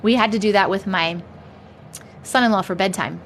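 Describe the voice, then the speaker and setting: A woman's voice: medium pitch, normal speed, a bit bright, a little hiss or hum. A young adult woman hosting a casual livestream chat from home, chatty, laughing often and swearing freely. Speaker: livestream host.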